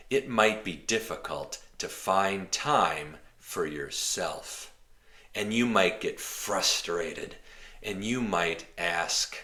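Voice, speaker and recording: A man teaching an English lesson slowly and clearly, rephrasing each example in simple words. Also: low-pitched, expressive, pushed and bright. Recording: roomy echo.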